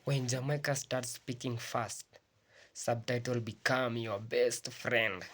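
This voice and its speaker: A man narrates a reaction video in a scripted voice-over. His pitch sits in the middle, and he delivers his jokes evenly. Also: flat delivery, slow pace, a crowd in the background. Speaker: reaction channel host.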